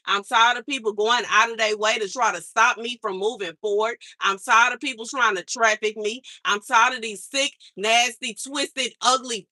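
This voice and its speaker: Fed-up woman vlogger ranting to camera; bright tone, repeats lines for emphasis. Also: on the high side, dry recording. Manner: exasperated, repeats herself for emphasis. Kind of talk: angry venting monologue. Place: outside her mother's house.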